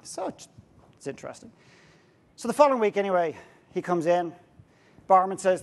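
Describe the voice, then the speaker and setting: Animated Irish man telling stories. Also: sits high, a little fast, long pauses. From Ireland. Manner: animated, humorous storyteller. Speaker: speaker. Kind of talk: storytelling keynote talk. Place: stage before a live audience.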